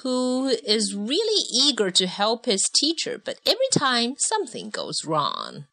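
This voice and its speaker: A woman's voice: fairly high pitch, wildly swooping pitch, unhurried, bright, forceful tone, dry recording. A woman reading a picture book aloud with a child, patiently explaining and asking questions as they go. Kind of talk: read-along storybook lesson.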